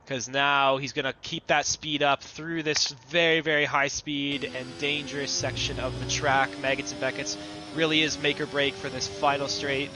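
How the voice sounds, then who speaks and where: Guy doing sim racing color commentary, steady and analytical, talking lap times and racing lines, music playing under him. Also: medium pitch, normal speed.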